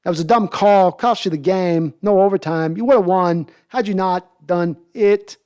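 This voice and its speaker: A man doing a celebrity impression, scolding a football coach in choppy, clipped phrases with odd pauses. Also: high-pitched, warm tone, clean tone, natural voice. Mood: mocking scold.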